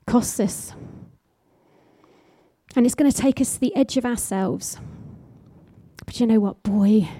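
A woman's voice: on the high side, moderate pace, warm tone, no room sound. A woman preaching a sermon with passionate, emphatic exhortation, driving her points home through repeated phrases.

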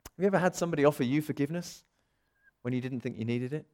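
Speaking very fast in a voice on the high side, a man preaches a dramatic sermon. He acts out the voices he quotes and moves back and forth between loud and soft.

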